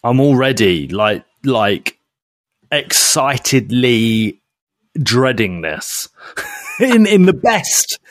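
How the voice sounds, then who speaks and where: Animated guy, dry close mic. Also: medium pitch, very slow, long pauses, no room sound. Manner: animated, laughs often, drifts into silly voices. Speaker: podcast co-host. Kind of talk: casual chat.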